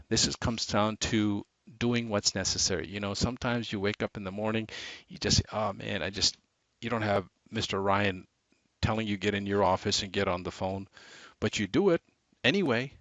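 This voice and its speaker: A man giving a motivational sales training talk, animated, shifting his inflection and speed for emphasis. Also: fairly low pitch, moderate pace, no room sound. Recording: dull lo-fi dry recording.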